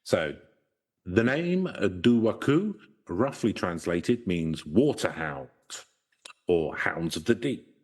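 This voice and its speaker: A man co-hosts a casual podcast in a fairly low voice. He reads folklore notes aloud, breaking off into jokes and halting restarts. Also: very animated, a little mellow, slightly rough. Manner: joking, with halting restarts around the script. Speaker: podcast co-host.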